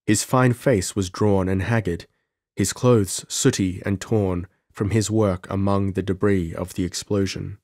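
A man narrating a pulp adventure audiobook in a measured, dramatic first-person delivery. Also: sits low, steady tone, a little mellow, dry recording, clean studio sound. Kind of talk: scripted narration.

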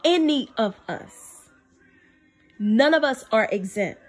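A woman's voice: lively intonation, slow pace, soft background music. A woman giving a spiritual testimony to camera in an emphatic way, repeating phrases for stress. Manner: drops low and soft to quote God. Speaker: faith video speaker.

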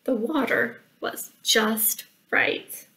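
Storytime librarian, high voice, unhurried, chatty kid-friendly asides. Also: female voice, bright, forceful tone, recorded from a distance, poor audio. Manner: chatty asides, counting out math for kids. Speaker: children's librarian. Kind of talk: reading a picture book aloud.

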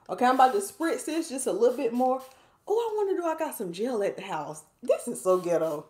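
A hair stylist does a casual livestream hair tutorial at home, playfully chatting with viewers, calling them "y'all" and reading comments aloud. Her voice is high, sing-song, and brisk, with a roomy sound.

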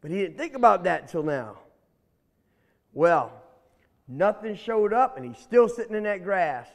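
A man telling a folk tale aloud in an animated, folksy way, talking straight to his listeners. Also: high voice, measured pace, creaky. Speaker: storyteller. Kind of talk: oral folk storytelling. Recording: long hall reverb.

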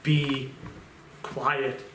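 A man's voice: mid-range voice, little pitch movement, very slow, background noise. A man giving an informal sermon in a conversational way, repeating phrases and restarting sentences as he goes. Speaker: pastor. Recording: roomy echo.

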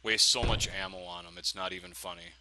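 Talking a little fast in a low, steady voice, a gamer narrates his own play and rants with swearing at the enemies. There's heavy background noise, including game music clearly behind him.

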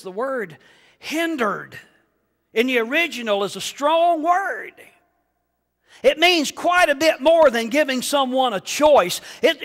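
High-voiced man preaching in a reverberant church. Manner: animated preaching, rises to shouts, rhetorical questions to the congregation. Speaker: pastor. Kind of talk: sermon. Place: church sanctuary. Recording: long reverb of a church hall.

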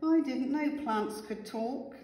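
A woman's voice: high voice, slow pace, dark tone, roomy sound, long reverb tail, distant mic, voice pushed up. A woman voicing a worried, fretful tomato in a storybook read-aloud.

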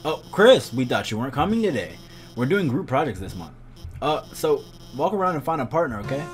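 A man's voice: mid-range voice, sing-song, fairly quick, soft background music, lightly acted. A man voicing a nervous, shy female lizard schoolteacher in a game, hesitant and full of ums and uhs. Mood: flustered.

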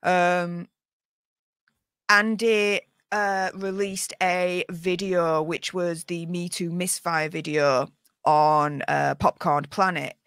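Bright-voiced Yorkshire woman chatting. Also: on the low side, flat delivery, clear, resonant tone, no room sound. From Yorkshire, England. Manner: chatty storyteller, quick asides. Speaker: podcast guest. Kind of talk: casual chat.

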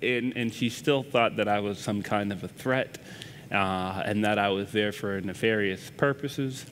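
A man, a news reporter, earnestly telling a personal story in a conversation at church, halting and restarting his sentences. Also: fairly low pitch, fairly bright tone, a little hiss or hum.

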